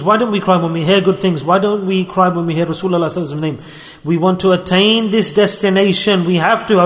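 A man giving an earnest sermon as a religious teacher, repeating and stressing key phrases. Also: high-pitched. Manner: earnest, repetitive, emphatic phrasing. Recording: echoey hall.

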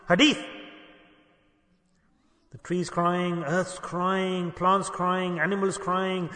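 A man preaching a sermon, impassioned, swinging between hushed and raised delivery, breaking into rapid chanted Quranic recitation. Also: high voice. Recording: echoey hall with long reverb.

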